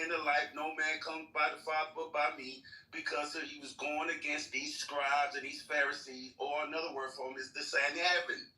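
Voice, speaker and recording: Bright-toned man preaching scripture, echoey. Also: fairly high pitch. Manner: reads scripture aloud, then comments with folksy fervor. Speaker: speaker in an online voice room. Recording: echoey, distant, faint hiss.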